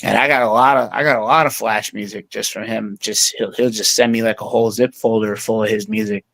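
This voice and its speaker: A man's voice: fairly low pitch, fairly even intonation, a little fast, a bit bright, no room sound. A man talking casually as an interview guest, rambling with many fillers and restarts. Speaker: interview guest, music producer.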